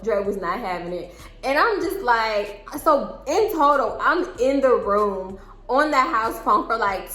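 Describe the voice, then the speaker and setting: Casting: lively young woman, slightly high voice, storytime vlog, echoey room, faint music. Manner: animated, laughing, dramatic re-enactments. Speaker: storytime vlogger. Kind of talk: casual storytelling.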